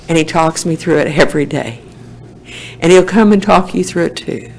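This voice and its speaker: A woman gives a personal testimony at a recovery meeting. Her voice is gravelly, and she tells her story in a plain, homespun way. A faint hiss sits behind her. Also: deep voice, normal speed, rough recording.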